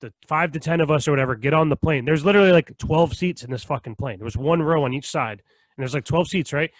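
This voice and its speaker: Young male podcast co-host, higher pitch, dry close mic, lively profane storyteller. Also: fast, dry recording. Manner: animated storytelling, heavy swearing and laughter. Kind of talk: casual chat.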